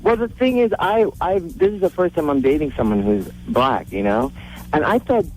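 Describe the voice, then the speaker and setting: Young male radio caller in his twenties, hesitant, lots of fillers, lively slightly high voice. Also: moderate pace, faint music behind, poor audio. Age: 20s. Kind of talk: call-in radio talk.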